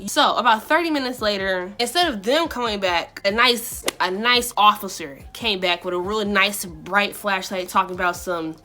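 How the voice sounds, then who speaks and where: Young woman vlogger, bright and dramatic, talks in slang, working a story for laughs. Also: medium pitch, normal speed, few pauses. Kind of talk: storytime while getting ready.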